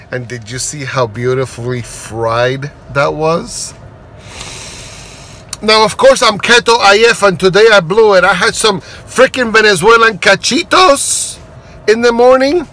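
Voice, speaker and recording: Excitable high-voiced man reviewing food. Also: measured pace. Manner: excitable and playful, punning, bursts of high-pitched exclamation. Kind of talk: casual food review vlog.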